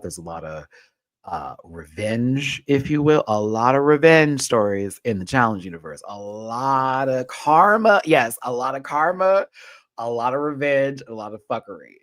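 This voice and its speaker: A man hosting a casual livestream, talking in a sassy, slangy way that swings from hushed asides to loud, emphatic pleas. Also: fairly low pitch, dry recording. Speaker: host.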